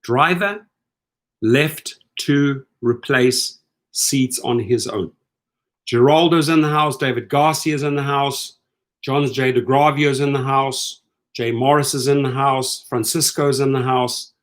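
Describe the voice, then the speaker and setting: A middle-aged man speaks slowly in a medium pitch, hosting rideshare commentary. His casual rant is animated and incredulous, and he acts out the lines of the people he quotes.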